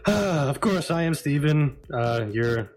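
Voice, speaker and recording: A man hosting a casual group podcast, easygoing and quick to laugh as he introduces the guests. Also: a little high, lively intonation, a loud crowd, low-quality recording. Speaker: podcast host.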